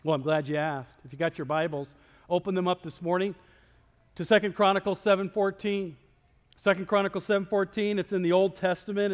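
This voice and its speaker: High-voiced male pastor preaching. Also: clear, resonant tone, big-room sound. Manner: conversational preaching with sudden loud and soft swings. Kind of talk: sermon. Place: church sanctuary.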